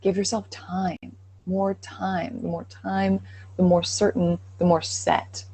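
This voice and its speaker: A woman's voice: lowish voice, little pitch movement, slow pace, dark tone, husky. A woman co-hosting a live accent Q&A, speaking in an encouraging, reassuring way. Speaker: co-host accent coach. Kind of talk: casual livestream advice.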